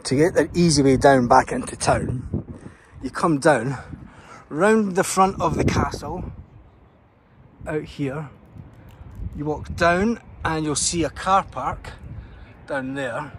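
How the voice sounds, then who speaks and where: A man's voice: on the high side, takes it slowly, pauses often. A Scottish man giving a chatty walking tour of a castle, out of breath from the climb uphill. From Scotland. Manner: chatty, pointing things out while walking uphill. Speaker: travel vlogger. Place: outdoors on a hilltop castle. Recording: outdoor vlog with clear background noise.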